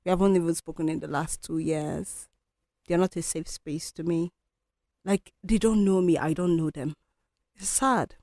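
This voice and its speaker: A woman's voice: on the low side, darkish tone, dry recording, studio quality. Candid woman musing on a podcast. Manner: candid, reflective, conversational. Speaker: podcast host. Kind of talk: solo podcast monologue.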